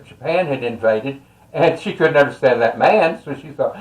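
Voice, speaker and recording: A man's voice: medium pitch, moderate pace, gravelly. Older Texan man telling a folksy story. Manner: folksy, rambling, with many fillers and chuckles. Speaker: storyteller and tarot reader. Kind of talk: casual spoken storytelling. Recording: roomy echo.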